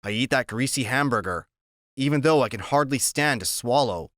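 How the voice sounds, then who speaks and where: A man narrating a novel in the first person, steady and unhurried. His voice sits at a middling pitch, and the recording is dry with no room sound. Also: no room sound. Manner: steady, plain storytelling. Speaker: audiobook narrator.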